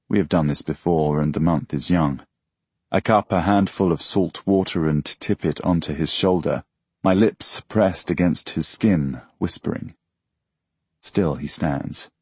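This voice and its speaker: A man reading a novel aloud in the first person, with measured, quiet storytelling. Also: extremely low pitch, slightly rough, no echo. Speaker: audiobook narrator. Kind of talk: first-person scripted narration.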